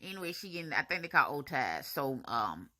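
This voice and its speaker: A woman's voice: sits low, a little fast. A woman, chatting to viewers in a casual voice-over about her braces appointment. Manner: chatty, animated, talks to viewers as y'all, honey and baby.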